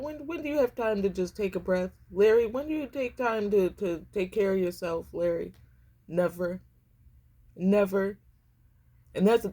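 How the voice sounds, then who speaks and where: A woman's voice: medium pitch, darkish tone. A woman giving a casual tarot reading, talking emphatically to her viewers and often repeating herself for effect. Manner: emphatic and repetitive, addressing viewers as y'all. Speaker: tarot reader.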